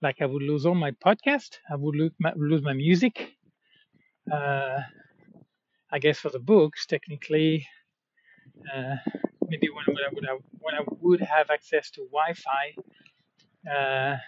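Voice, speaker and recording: A man's voice: fairly high pitch, steady tone, unhurried, long pauses, slight background noise. A man talking in a rambling, casual monologue, full of fillers and self-corrections. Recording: dull, slightly muffled, dry sound.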